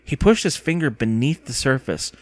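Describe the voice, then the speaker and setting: A man narrating an audiobook with expressive storytelling. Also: medium pitch, moderate pace, no room sound.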